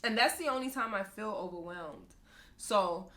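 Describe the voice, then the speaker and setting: Hosting her podcast, this young mother of two boys talks frankly and with feeling about raising children, frequently breaking into laughter. Her voice is medium-pitched and a little bright, and she speaks at a moderate pace in a candid, personal way.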